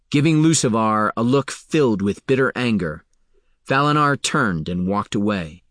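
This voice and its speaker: A man narrating a fantasy novel in a steady, even storytelling voice. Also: lowish voice, moderate pace, no echo, clean studio sound. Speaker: audiobook narrator. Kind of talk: scripted narration.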